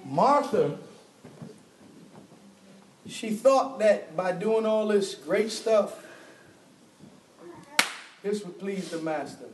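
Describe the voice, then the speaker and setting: Guy preaching, high voice, big roomy church sound, acts out the stories. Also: extremely slow, long pauses, slight background noise. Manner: animated storytelling, acts out dialogue with laughter. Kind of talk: sermon. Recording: echoey hall, mic at a distance.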